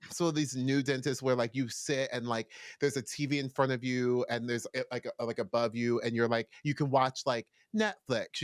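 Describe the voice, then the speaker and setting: Casual podcast chat from a young male co-host who plays around with sing-song bits and mock voices. He speaks in a mid-range voice, and the studio-quality recording carries no room sound.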